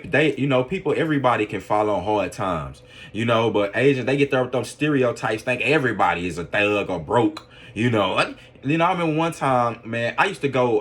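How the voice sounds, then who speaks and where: A man with a fairly low voice delivers a loose, rambling opinion monologue on a podcast. He leans on constant fillers and keeps asking whether the listener follows him. At times he turns earnest and preachy about faith. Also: fairly bright tone, slightly rough. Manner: earnest, preaching religious conviction. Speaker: podcast commentator.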